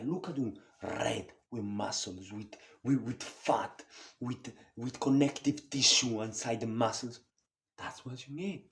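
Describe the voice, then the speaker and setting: A nineteen-year-old fitness vlogger, a native Spanish speaker, gives a blunt, profane, repetitive motivational monologue. His voice sits at medium pitch with a darkish tone.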